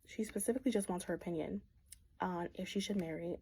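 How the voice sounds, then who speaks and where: A woman's voice: on the low side, fast, slightly rough, rough recording. A young woman giving a casual, slangy book recap and acting out the characters as she goes. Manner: slangy, animated, acts out the characters. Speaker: book vlogger.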